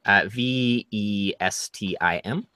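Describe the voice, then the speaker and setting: Slow, deep-voiced man running a tabletop game. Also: sharp tone, slight background noise. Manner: slow, halting delivery with many fillers. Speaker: game master.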